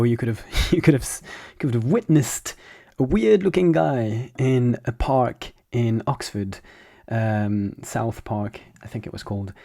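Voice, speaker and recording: A French man, a native speaker of French, gives a casual pronunciation lesson in a voice of middling pitch. He explains patiently and breaks sounds down, repeating each one slowly so the learner can follow. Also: gravelly, mellow. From France.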